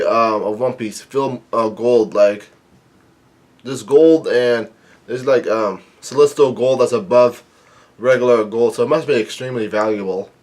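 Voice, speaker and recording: Guy reading a comic out loud, lots of ums and restarts, plain mid voice. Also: medium pitch. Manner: halting, many fillers and restarts. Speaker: comic reader and commentator. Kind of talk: casual reading of a comic with commentary.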